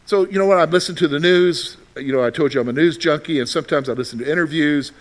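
A man preaching a sermon to his congregation, asking rhetorical questions and answering them himself, moving between loud emphasis and quiet, confiding asides. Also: fairly high pitch, fast. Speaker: pastor.

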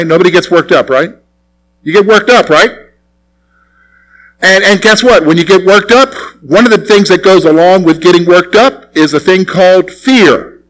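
Guy preaching, high voice, keeps asking the congregation stuff. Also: fairly bright tone, poor audio. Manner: conversational, asks the congregation questions. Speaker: pastor. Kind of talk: sermon. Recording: recorded sermon broadcast on radio.

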